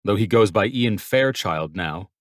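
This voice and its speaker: A pushy adult brother talks bluntly and insistently in an audiobook, as a man reads him. The voice sits a little higher and louder than the reader's own. The recording is dry and close. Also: expressive, a little slow, dry recording. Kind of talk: audiobook character voice.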